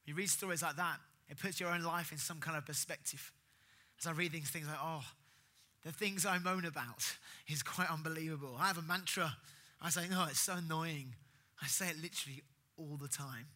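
A man preaching a sermon earnestly, rising in emphasis and then dropping soft. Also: a little high, a little fast.

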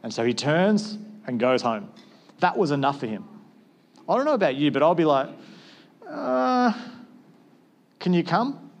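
A man's voice: mid-range voice, very animated, brisk. A man, a pastor with school-age kids, preaching a sermon in a conversational way and acting out short exchanges.

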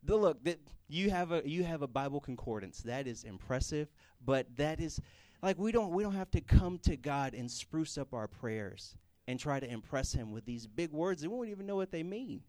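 A young man giving a casual, comedic sermon, animated and joking as he acts out people praying. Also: fairly high pitch, moderate pace, no room sound. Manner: animated, jokey, acts out prayers in put-on voices. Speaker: youth speaker.

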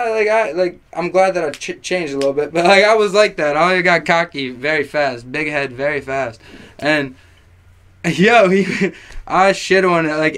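A young man, a rapper on as a podcast guest, telling a party story in casual chat, animated and profane, packed with fillers. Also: on the high side, clear, resonant tone.

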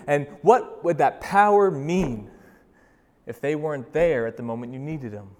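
Young male pastor, sermon; casual and dynamic, loud then soft, in an echoing sanctuary. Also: fairly high pitch. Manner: swings from loud urgent bursts to slow hushed emphasis; conversational, with fillers and restarts. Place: church sanctuary. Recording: long reverb of a large hall.

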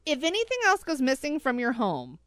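Animated laughing woman telling a story. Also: high voice, a little fast, clean tone, no room sound, studio quality. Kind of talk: casual storytelling chat.

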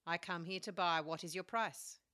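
A woman's voice: on the low side, steady tone, normal speed, pushed and bright. A woman voicing a tall, mysterious old man in a folk tale who speaks in short, commanding lines.

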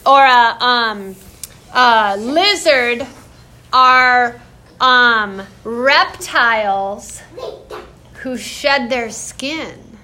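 A woman's voice: fairly high pitch, drawn-out words, sharp tone. A woman leading a live children's yoga class indoors, talking in a playful, encouraging, sing-song way.

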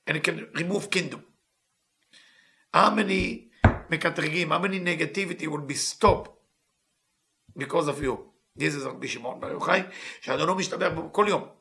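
Guy teaching live, reads a line then translates it in broken english, quick and bright, kinda high voice. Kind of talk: live text lesson, reading and translating.

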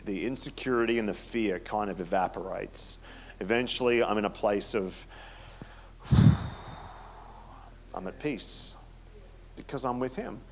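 A man preaching a conversational sermon in a chatty, self-deprecating way, often dropping to a soft, hushed tone. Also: fairly low pitch, a little hiss or hum. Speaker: pastor.

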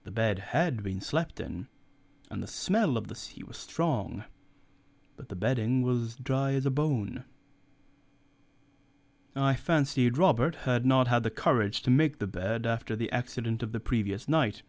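Man narrator, audiobook reading, measured, middle pitch.

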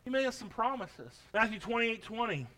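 Male pastor, very high, bright voice, preaches with repetition, swells to emphatic declarations. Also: lively intonation, fairly quick. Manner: builds from soft musing to emphatic preaching; reads scripture in old-fashioned wording. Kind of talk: sermon.

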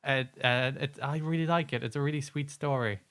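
A man's voice: medium pitch, fairly quick, a bit bright, smooth. A man co-hosting a casual podcast, tossing in joking quips and laughing easily. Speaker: podcast co-host.

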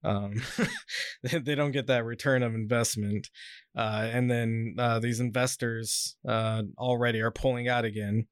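A man's voice: mid-range voice, fairly even intonation, unhurried, smooth, dry recording. Rambling man on a dry mic. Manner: rambling, heavy on fillers, swears freely; reads article passages aloud. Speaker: podcast host. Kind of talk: casual podcast chat.

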